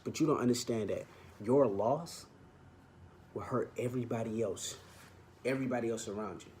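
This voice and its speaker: A man's voice: mid-range voice, moderate pace, long pauses, a little mellow, slight background noise. A young man hosting his vlog, speaking an earnest personal testimony straight to the camera. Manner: earnest, heartfelt, fond of "man". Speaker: vlog host.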